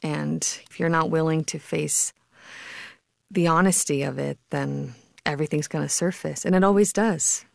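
A woman stage actor answering interview questions in a soft, earnest, reflective way. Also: low-pitched, steady tone, normal speed, creaky, dry recording.

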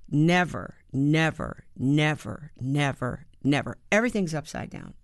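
A woman in her seventies, an actor and playwright from the United States, telling stories in an interview with halting starts and rhythmic emphasis. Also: medium pitch, no room sound, studio quality. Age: 70s. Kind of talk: conversational interview.

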